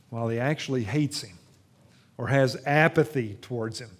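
A man preaching a sermon in a church, retelling a Bible story with dramatic swings between loud emphasis and hushed tenderness. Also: mid-range voice, moderate pace. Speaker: pastor.

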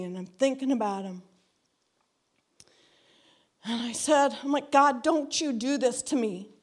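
An earnest woman with a fairly high voice shares her personal testimony before a church. She talks in a reflective way, repeating phrases to drive them home, and acts out the dialogue in her story. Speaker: church member giving a testimony.

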